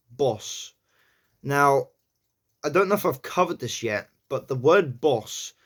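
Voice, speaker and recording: Rambling man talking through accent practice. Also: medium pitch. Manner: thinks aloud, fills with "you know". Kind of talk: casual accent practice talk.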